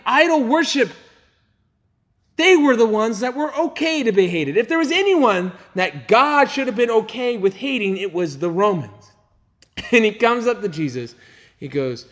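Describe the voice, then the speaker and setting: Young male youth pastor; animated storyteller, higher voice with wide swings. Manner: animated storytelling, acting out voices of crowd and Jesus. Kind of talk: youth ministry Bible lesson.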